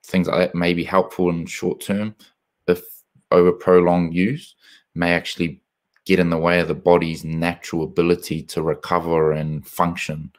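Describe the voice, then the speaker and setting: A man hosting a casual live interview, talking in a reflective, measured way with plenty of fillers, on a video call. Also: low voice, flat delivery. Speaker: host, former rugby player.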